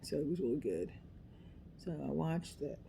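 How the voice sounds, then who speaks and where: Expressive and low-sitting, this middle-aged woman's voice is creaky and dark-toned at a moderate pace, with slight background noise. She's a craft vlogger, chatty and self-deprecating, rambling to herself as she works on a craft.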